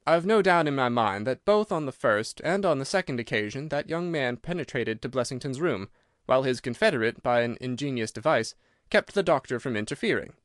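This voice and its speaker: Man doing a crisp, assured detective. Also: mid-range voice, expressive, fairly quick, dry recording, studio quality, natural voice. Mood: explaining. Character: cool, incisive male detective. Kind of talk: audiobook character reading.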